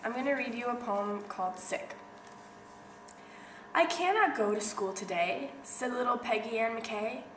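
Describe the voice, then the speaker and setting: A woman's voice: fairly high pitch, a little slow, fairly bright tone. A young woman from Colorado reading children's poems aloud expressively, stumbling over a word now and then. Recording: echoey room, faint noise.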